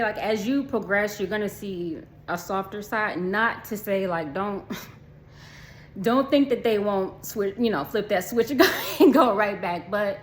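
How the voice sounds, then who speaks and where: A woman's voice: mid-range voice, a little hiss or hum. A woman vlogger telling a casual storytime, chatty and laughing often, talking straight to her viewers.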